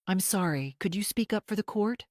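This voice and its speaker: A woman voicing a female attorney cross-examining a witness, calm, precise and relentless. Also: medium pitch, normal speed, no room sound, clean studio sound, pitched above the performer's own voice, lightly acted. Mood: cold.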